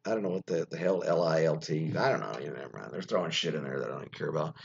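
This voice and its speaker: A man's voice: very deep voice, fast talker, vocal fry, few pauses, husky. A man hosting a radio show, rambling offhandedly through an article and sometimes swearing. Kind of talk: casual commentary on an article. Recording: dull lo-fi recording.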